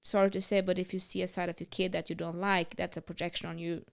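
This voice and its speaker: Female podcast co-host with a smooth, resonant voice and a frank, advice-giving manner. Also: fairly low pitch, little pitch movement, fast. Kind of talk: casual conversational podcast.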